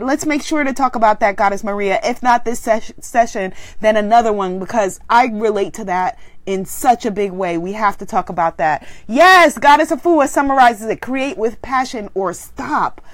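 High-voiced exuberant woman hosting a live stream. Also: fairly bright tone, no room sound. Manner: exuberant, affectionate, breaks into cheers and laughter. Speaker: spiritual livestream host. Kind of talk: casual live-stream chat reading viewer comments.

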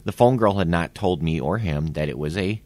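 This man's voice sits low as he talks at normal speed, a podcast co-host in his forties relating a workplace story casually, with swearing and acted-out quotes delivered animatedly. No room sound is heard.

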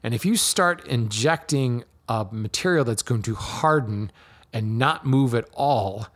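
A man hosting a show, answering listener questions in a relaxed, explanatory way with frequent ums and restarts. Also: medium pitch, unhurried. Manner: relaxed, many ums and restarts, laughs lightly. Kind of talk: casual explanatory talk.

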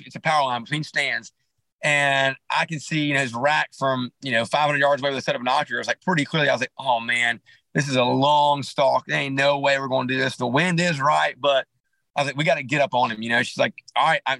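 A man being interviewed on a podcast, telling a hunting story in a rambling, animated way with many restarts and asides. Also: a little high, creaky, no room sound, rough recording. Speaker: podcast guest, clothing company founder.

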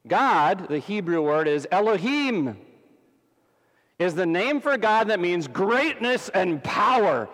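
A man preaching a sermon as pastor, dramatic, swinging between loud emphasis and hushed softness. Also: sits high, very animated, slow pace. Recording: long hall reverb.

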